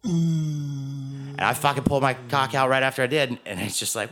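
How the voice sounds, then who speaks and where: A man's voice: medium pitch, fairly even intonation, moderate pace, noisy background. A young man from Alabama, telling a crude, profane story and laughing his way through it.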